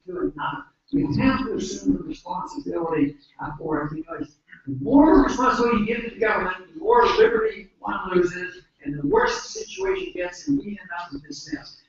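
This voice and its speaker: American guy giving a speech, high voice, lots of uh's, big echoey room, muffled lo-fi. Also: very animated, brisk. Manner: earnest and emphatic, with frequent hesitations. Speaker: conference speaker. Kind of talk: speech to an audience. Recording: echoey hall, distant mic, dull lo-fi.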